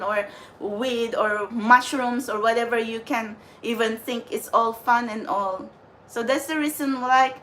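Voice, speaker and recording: A woman on an unscripted vlog, venting her anger in a high voice. She talks slowly and deliberately, scattering "like" and curses through her rant. A quiet hiss sits under her voice. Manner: ranting with profanity and repeated "like". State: angry. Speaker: spiritual channeler vlogger.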